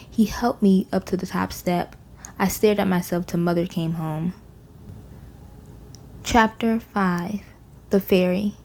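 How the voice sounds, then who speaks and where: A woman's voice: lowish voice, gravelly. A woman reading a children's storybook aloud, using a different voice for each character. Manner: expressive, gives each character its own voice. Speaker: audiobook reader.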